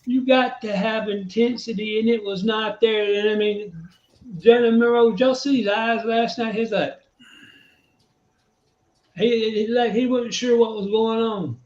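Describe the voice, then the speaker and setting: Man, high voice, heated profane rant, echoey dull lo-fi sound; fan show regular. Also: fairly even intonation, a little slow, darkish tone. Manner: fired-up, profane, ranting. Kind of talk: heated sports fan talk.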